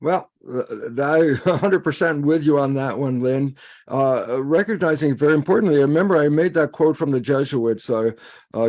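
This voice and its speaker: Animated man chuckling as he talks. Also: fairly high pitch, normal speed. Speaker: guest speaker. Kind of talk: conversational discussion.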